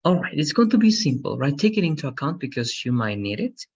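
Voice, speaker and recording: Male english tutor, patient and upbeat, kinda husky, muffled lo-fi audio. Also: fairly high pitch, big pitch swings. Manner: encouraging, patient, stresses words slowly to model pronunciation. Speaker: English teacher. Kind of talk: online language lesson. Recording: dull lo-fi sound.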